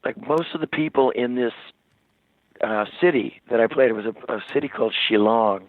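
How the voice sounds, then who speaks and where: A man, a rock singer as interview guest, telling stories in a rambling, animated way with many restarts, over the phone. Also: medium pitch, brisk. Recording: tinny dry phone line.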